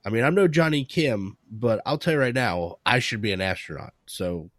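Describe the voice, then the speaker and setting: A man's voice: mid-range voice, expressive, normal speed, fairly bright tone, no echo, clean studio sound. A man co-hosting a podcast in casual chat, joking and poking fun at himself. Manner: joking, self-mocking. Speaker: podcast co-host.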